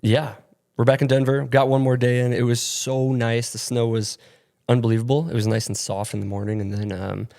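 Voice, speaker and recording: A man's voice: mid-range voice, little pitch movement, fairly quick, vocal fry, a little mellow. A young man from upstate New York talks into a studio mic, his voice stuffy and nasal. He rambles easily between topics and leans on fillers. He laughs often as he goes. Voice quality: nasally, congested from allergies. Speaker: podcast co-host. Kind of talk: casual chat. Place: rented studio.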